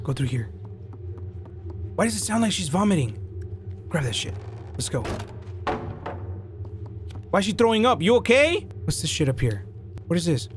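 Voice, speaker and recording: A young man from Mexico with a Mexican accent, commentating a horror game, coaching himself in hushed tones, then yelping and swearing, switching into Spanish. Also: fairly high pitch, big pitch swings, moderate pace, pauses often, slight background noise. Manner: jumpy, swings from hushed self-coaching to loud yelps, profane, switches into Spanish. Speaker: gaming YouTuber. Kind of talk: let's play commentary.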